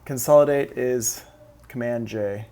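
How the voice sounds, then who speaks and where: A man's voice: medium pitch, a little slow, mellow. A man running a live-streamed music production class, talking students through each step in a casual, upbeat way.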